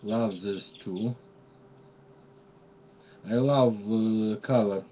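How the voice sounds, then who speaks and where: A man speaks slowly and haltingly in a lowish voice, naming each gift as he unboxes it and filling his pauses with "uh". The sound is dull and lo-fi, with a faint outdoor hum of birds and insects behind him. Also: fairly even intonation. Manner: halting, pauses with many "uh" fillers while naming items. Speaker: crafter showing gifts. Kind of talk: unboxing show-and-tell.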